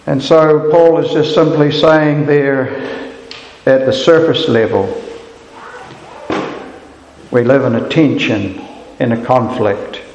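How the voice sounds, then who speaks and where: A man's voice: mid-range voice, a little mellow, highs cut off, slight background noise. A man preaching a sermon in an earnest, reflective way. He lifts his voice sharply whenever he quotes a cry of despair. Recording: echoey hall with long reverb.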